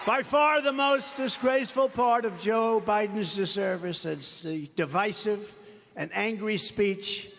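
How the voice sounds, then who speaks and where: A man's voice: high voice, unhurried, vocal fry, fairly bright tone, a little hiss or hum. An older American man giving a boastful, mocking campaign rally speech into a podium microphone, repeating his phrases often. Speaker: political rally speaker. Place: large indoor rally venue. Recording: reverberant arena sound with faint crowd ambience.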